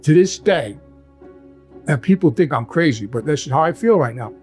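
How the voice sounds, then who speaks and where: A man with a thick New York accent tells his stories in a loose, rambling way, with slightly higher pitch than most men. He restarts sentences and keeps checking in with his listener. Faint music plays underneath. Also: animated, moderate pace, a little mellow. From Brooklyn, New York. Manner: rambling, restarts, frequent "right?". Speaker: guest, former mobster. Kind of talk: casual storytelling.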